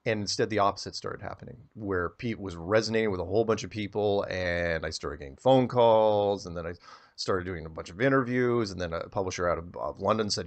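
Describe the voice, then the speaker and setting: A man with a low voice, talking a little fast, tells a long story as an interview guest. He rambles animatedly and often repeats words as he starts his sentences.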